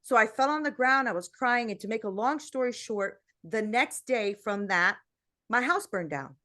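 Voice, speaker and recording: A middle-aged woman, a guest and motivational speaker, tells her faith story in an earnest, animated way, full of casual fillers. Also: a little high, normal speed. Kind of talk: personal faith testimony in conversation.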